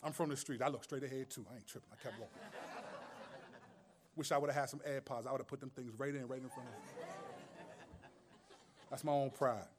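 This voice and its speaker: A man's voice: medium pitch, steady tone, brisk, long pauses, slight background noise. A man preaching a sermon as pastor, conversational and streetwise, with humor and rhetorical questions.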